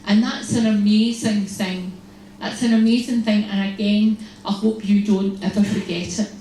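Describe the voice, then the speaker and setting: A religious sister giving a humorous, storytelling talk to an audience, acting out little exchanges. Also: female voice, mid-range voice, steady tone, normal speed, warm tone. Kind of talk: lively faith talk to an audience. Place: large hall. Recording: echoey hall, distant mic, faint noise.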